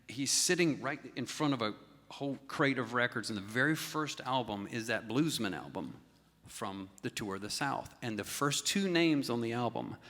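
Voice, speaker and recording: A man's voice: medium pitch, a bit bright. Rambling man telling a story in a hall. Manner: rambling, restarts often, chuckles. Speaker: musician and storyteller. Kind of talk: casual spoken storytelling before a song.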